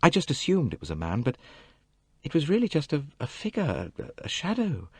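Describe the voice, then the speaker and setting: A man's voice: fairly high pitch, huge pitch swings, moderate pace, gravelly, a little mellow, breathy edge, no echo, pitched above the performer's own voice, heavily acted. A man reading an audiobook, voicing an anxious young woman who hesitates and trails off. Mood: uneasy. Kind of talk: audiobook character voice.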